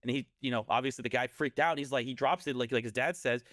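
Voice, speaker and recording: A man's voice: mid-range voice, quick pace, fairly bright tone, no room sound, clean studio sound. A man casually telling a scary story on a podcast, rambling and often correcting himself.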